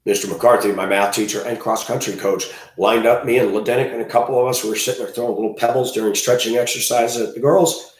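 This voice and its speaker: A man ranting crudely in a monologue, breaking into loud outbursts and mocking voices. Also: mid-range voice, fairly even intonation, fast talker, hardly any pauses, echoey room. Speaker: host.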